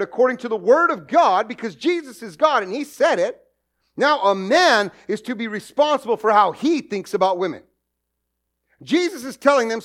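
A middle-aged man preaching a sermon as pastor, animated and jokey, with acted asides. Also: extremely high pitch.

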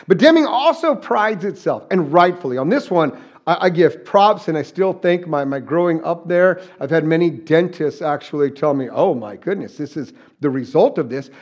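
A man's voice: fairly high pitch, expressive, normal speed. A middle-aged man from southern New Mexico preaching a conversational sermon, folksy and joking, with frequent restarts. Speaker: pastor.

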